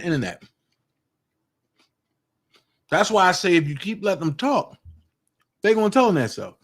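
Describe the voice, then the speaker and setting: A man's voice: sits high, big pitch swings, normal speed, long pauses. A man giving casual livestream commentary, talking straight to his viewers and repeating his points with emphasis. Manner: emphatic, repeats points to drive them home; confrontational, talks straight to viewers. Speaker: online commentator.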